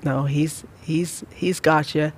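A man leading a church Bible study, talking gently and rambling with many fillers. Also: fairly high pitch, fairly even intonation, takes it slowly, slightly rough. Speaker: church teacher.

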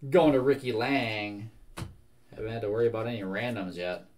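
A man's voice: on the low side, a little mellow, slight background noise. Young man calling out trading cards. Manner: brisk, reads out card after card. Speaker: card break host. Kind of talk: live card-break commentary.

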